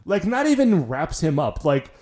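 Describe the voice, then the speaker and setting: Wry, lively man on a podcast. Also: on the high side, moderate pace. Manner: wry, sarcastic commentary. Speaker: podcast co-host. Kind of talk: casual episode recap chat.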